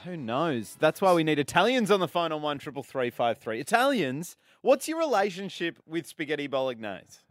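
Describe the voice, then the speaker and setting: Man, radio co-host, lively rising-and-falling voice, slightly high, dry studio sound. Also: moderate pace, hardly any pauses, no echo. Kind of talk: casual radio banter. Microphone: studio microphone.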